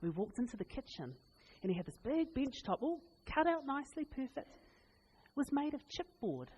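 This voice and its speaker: A woman preaching a sermon, telling funny family stories with laughs and lively asides. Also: sits high, normal speed, slight background noise. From New Zealand. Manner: animated, laughing, chatty anecdotes. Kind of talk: humorous storytelling sermon. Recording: long reverb in a hall.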